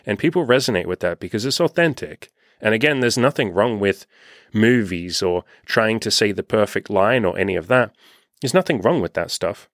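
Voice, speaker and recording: Chill youngish guy coaching dating, lowish voice, swears a lot, dry close mic. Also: lively intonation, moderate pace, fairly bright tone, dry recording. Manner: loose and unscripted, swears freely, acts out quoted voices. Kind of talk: casual podcast monologue.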